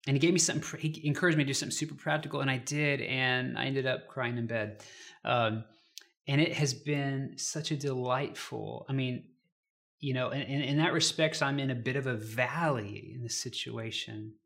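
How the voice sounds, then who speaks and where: Gentle reflective male pastor. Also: medium pitch, steady tone, normal speed, creaky. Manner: gentle, reflective, personal storytelling with scripture reading. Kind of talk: devotional sermon.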